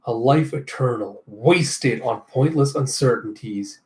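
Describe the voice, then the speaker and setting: A man voicing a cold, menacing male cyborg villain, speaking slowly in a low, measured way. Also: close to an everyday voice. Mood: cold menace.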